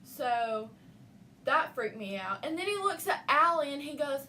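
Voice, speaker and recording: A woman's voice: sits high, unhurried. A young woman casually telling a spooky story about her nephew, acting out his lines. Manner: animated, acts out a child's lines. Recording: faint noise, voice from a distance.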